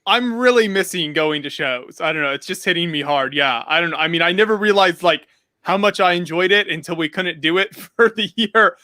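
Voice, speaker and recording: An American man with a high, bright voice hosting a relaxed online chat. His sound is dry and close, and he stumbles into his sentences with easygoing fillers. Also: a little fast, no room sound. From United States. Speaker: show host. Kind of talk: casual video call chat.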